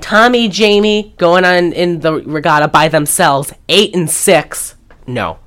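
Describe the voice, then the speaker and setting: Her lowish, slightly bright voice moves at a measured pace. She's a young woman co-hosting a podcast, running through a movie casually while putting on exaggerated voices for the characters' lines.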